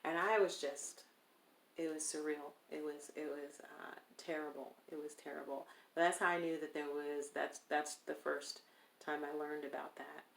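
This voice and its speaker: A woman telling a personal story in a casual interview, animated and acting out the people she quotes. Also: low-pitched, normal speed, gravelly, a little hiss or hum. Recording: roomy echo.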